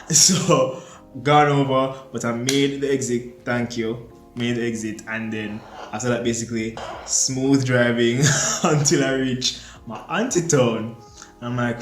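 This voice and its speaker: A man's voice: mid-range voice, steady tone, moderate pace. A young man telling a storytime vlog, animatedly acting out his own panicked reactions. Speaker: storyteller vlogger. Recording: echoey room with faint music.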